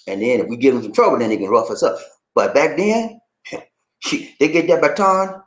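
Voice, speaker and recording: A man hosting a casual livestream and reading viewer comments, animated and prone to repeating phrases. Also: a little high, fairly quick. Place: home in the Philippines. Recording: echoey room.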